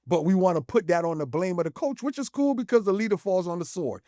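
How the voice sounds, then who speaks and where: A man co-hosting a sports debate, making his case in a measured way and often saying "it is what it is". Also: high-pitched, mellow, no echo, studio quality. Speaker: co-host.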